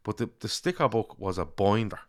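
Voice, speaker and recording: A man's voice: fairly low pitch, big pitch swings, fairly quick. A man co-hosting a casual football podcast, chatting loosely, swearing and reading out listener comments. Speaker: podcast co-host. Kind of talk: casual chat.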